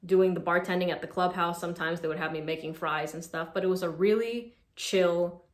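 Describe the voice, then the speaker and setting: A woman in her twenties telling stories in a casual vlog, chatty and animated, with lots of "like.". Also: lowish voice, brisk, echoey room. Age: 20s. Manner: chatty, animated retelling with filler "like". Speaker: social media creator.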